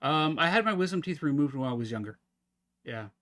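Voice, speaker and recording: A man streaming live, talking casually and at length with his viewers in a relaxed, rambling way. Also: a little high, a little fast.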